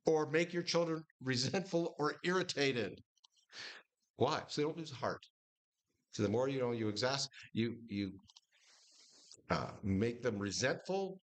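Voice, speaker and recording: A man's voice: lowish voice, a bit bright. A man teaching a Bible study group in a conversational style, restarting phrases and lifting his voice when quoting scripture.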